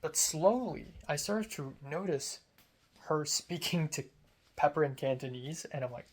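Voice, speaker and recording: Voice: mid-range voice, expressive, measured pace, husky. A young adult from Hong Kong who works as a script supervisor, talking casually and candidly and filling the talk with "like" and "um". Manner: chatty and candid, heavy use of "like" and "um". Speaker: script supervisor on a student film set. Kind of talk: casual storytelling vlog.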